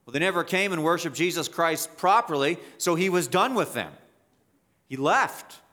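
Emphatic bright-voiced male preacher. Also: on the high side, animated, moderate pace. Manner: emphatic, repeats key points, rises for stress. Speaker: pastor. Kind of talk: expository sermon.

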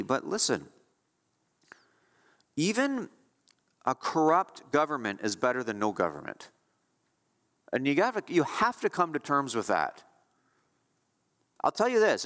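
A man's voice: mid-range voice, huge pitch swings, a little slow, long pauses, a bit bright, big-room sound. A male pastor preaching a sermon with emphatic delivery, repeating key phrases to drive points home.

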